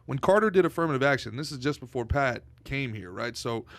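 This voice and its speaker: A man's voice: mid-range voice, expressive, a little fast, no echo. A man on a podcast panel who chips in with short interjecting remarks during a casual discussion.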